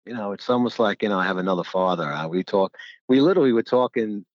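In this casual conversation, the middle-aged ex-college basketball player spins meandering stories, often laughing and imitating the people he quotes. He talks quickly in a lowish voice with lively intonation, and the lo-fi recording sounds dull and dry.

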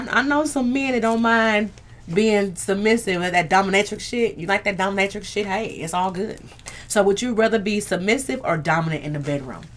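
A woman hosting a casual live stream, talking candidly and earthily to her viewers. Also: mid-range voice. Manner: candid and earthy, swears, talks straight to viewers. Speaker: livestream host.

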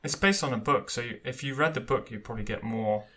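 Male podcast co-host, bright voice, chatty, hesitant fillers. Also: mid-range voice, fast. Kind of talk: casual chat.

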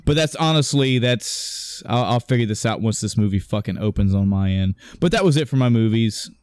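A man's voice: medium pitch, expressive, moderate pace, darkish tone, smooth, no echo, clean studio sound. A man co-hosting a casual podcast chat, rambling and correcting himself as he retells a story, swearing offhand and acting out the characters' lines. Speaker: podcast co-host.

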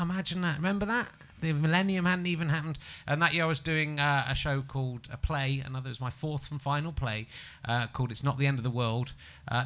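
A man's voice: fairly high pitch, bright, forceful tone. An English man in his forties hosting a podcast, chatting casually and self-mockingly, often laughing as he rambles. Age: 40s. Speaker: podcast host. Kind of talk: casual comedy chat.

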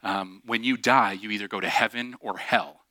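A no-nonsense older grandmother states things in a flat, matter-of-fact voice, as a male pastor quotes her. The voice stays near his own, just quieter and plainer. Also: lowish voice, normal speed, rough recording.

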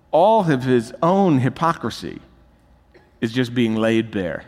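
A man's voice: mid-range voice, very animated, slow pace, darkish tone. A man preaching a sermon as pastor, emphatic and building to urgent, rising peaks. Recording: long reverb of a large hall.

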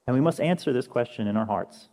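Animated young preacher in an echoey hall. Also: male voice, medium pitch, fast talker. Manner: conversational preaching, animated storytelling. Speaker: pastor. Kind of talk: sermon. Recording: echoey hall with long reverb.

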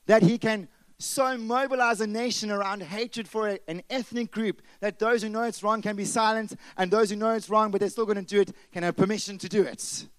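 A man preaching a sermon with passion, dropping to a hush and then rising loud again. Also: high voice, steady tone, brisk, clear, resonant tone, no room sound, low-quality recording. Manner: impassioned preaching, swings from loud to hushed. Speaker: pastor.

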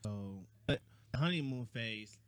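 A man's voice: medium pitch, expressive, unhurried, no room sound. Playful guy co-hosting a chill podcast chat, jokey, very dry sound. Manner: playful, jokey, puts on silly voices. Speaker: podcast co-host. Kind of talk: casual chat.

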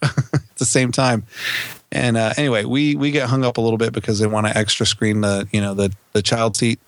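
A man's voice: medium pitch, fairly quick, no room sound. A man co-hosting a podcast, telling a casual story with lots of laughs and acted-out lines from his family. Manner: animated, laughs often, acts out family members' lines. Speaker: podcast co-host.

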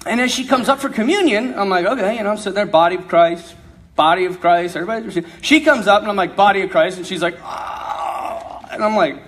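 A young man preaching as a priest, his voice sitting high for a man. He tells a story in a lively, joking way and acts out each person he quotes. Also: a little fast. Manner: animated, jokey storyteller who acts out quotes. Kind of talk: storytelling talk to young people.

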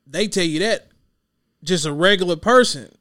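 Podcast host: relaxed male voice, a little high, smooth and clear, slangy and conversational, dry close mic. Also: moderate pace, dry recording. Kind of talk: casual podcast chat.

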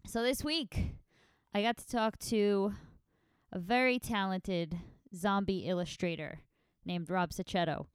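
A woman's voice: medium pitch, measured pace, clear, resonant tone, dry recording, clean studio sound. A woman hosting a casual solo podcast, sounding nasal from allergies, rambling in a chatty, self-deprecating way. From New York. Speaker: podcast host.

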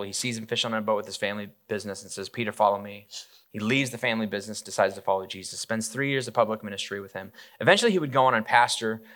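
Guy preaching like he's chatting, bright sharp voice, lots of "like" and "right?". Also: mid-range voice. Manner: casual, animated, many fillers and asides. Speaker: pastor. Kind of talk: conversational sermon storytelling.

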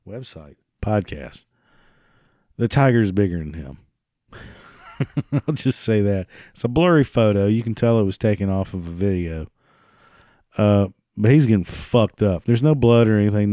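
A man's voice: fairly low pitch, dark tone, no echo, studio quality. A man hosting a solo podcast, reading and riffing with sarcastic, profane, rambling asides. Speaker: podcast host.

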